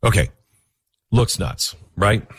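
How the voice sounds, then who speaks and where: A man hosting a political talk show, giving opinionated commentary with a chuckling, animated delivery. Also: fairly low pitch, slight background noise. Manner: animated, chuckling, speeds up and slows down. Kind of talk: opinionated commentary on a played clip.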